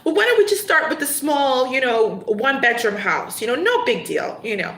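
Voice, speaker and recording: A woman's voice: sits high, very animated, normal speed, fairly bright tone, roomy sound, heavily acted. Woman doing an evasive boyfriend full of excuses. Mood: placating. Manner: rambling, full of excuses and "you know". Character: stalling young boyfriend, smooth-talking and evasive.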